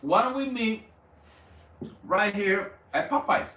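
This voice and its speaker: A man doing an eager, chatty smooth-talker. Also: high voice, fairly even intonation, moderate pace, a bit bright, voice pushed up. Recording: roomy, distant mic, faint background.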